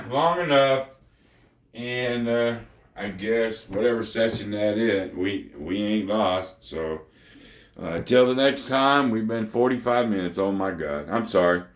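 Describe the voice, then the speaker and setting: A man's voice: fairly low pitch, takes it slowly, echoey room. A man hosting a gambling channel, talking late at night in a casual, slangy monologue and lecturing the viewer in a folksy way.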